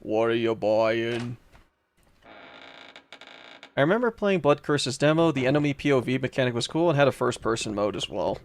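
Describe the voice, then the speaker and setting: A man's voice: mid-range voice, animated, quick pace, hardly any pauses, a little hiss or hum. A young man streaming a horror game, chatting casually with his viewers in a loose, rambling way, full of fillers and restarts. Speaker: let's play streamer. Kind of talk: casual gameplay commentary reading chat.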